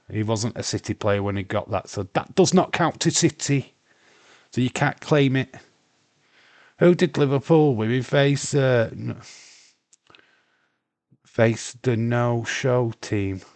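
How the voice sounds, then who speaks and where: Speaking in a lowish voice with no echo, a Yorkshire-accented livestream host runs a relaxed watch-along. He curses freely, reads out chat messages, and rambles, often starting over.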